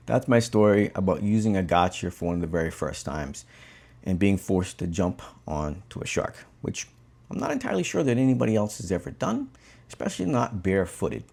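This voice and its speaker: A man from the Cayman Islands, a bonefish guide, telling a fishing story in a relaxed, conversational way while tying a fly. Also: deep voice, creaky, breathy edge.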